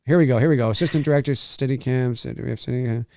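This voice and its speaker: A man hosting a podcast, giving animated live commentary on a movie like a showman. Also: mid-range voice, racing, vocal fry, background noise. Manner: animated, showman-like, keeps saying "ladies and gentlemen". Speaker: podcast host.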